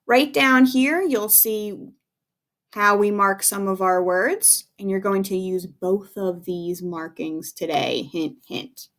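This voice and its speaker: A woman's voice: mid-range voice, slow, fairly bright tone. A woman teacher giving a recorded phonics lesson to young children, patient and encouraging, spelling words out letter by letter.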